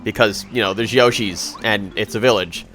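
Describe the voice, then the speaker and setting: A man's voice: on the low side, moderate pace, bright, forceful tone, faint music behind. A man giving casual, rambling commentary over a video game playthrough, sarcastic and often correcting himself mid-sentence. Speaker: let's play commentator.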